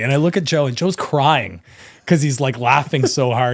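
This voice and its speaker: Man telling a rambling, animated anecdote. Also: mid-range voice, normal speed. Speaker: guest, pro wrestler. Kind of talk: casual storytelling in an interview.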